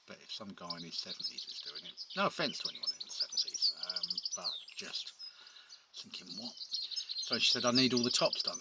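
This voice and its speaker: A tradesman with a fairly low voice tells a story in a rambling, chatty way, full of ums and wry asides. He talks outdoors, with loud background noise and birds chirping behind him. It sounds like a casual vlog. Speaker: painter and decorator.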